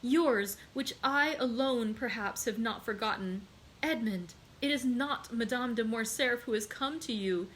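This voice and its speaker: A woman's voice: fairly high pitch, measured pace, fairly bright tone, slight background noise, poor audio. A woman reading aloud and voicing a despairing noblewoman and mother who pleads passionately for her son. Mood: pleading. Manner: pleading, raised and impassioned.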